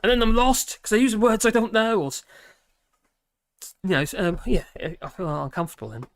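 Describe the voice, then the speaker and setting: A man from England with a Norfolk accent hosts a casual livestream from his home in rural France, reading out the chat. His high, expressive voice moves briskly on a dry recording as he rambles hesitantly with lots of fillers, chuckling easily and poking fun at himself.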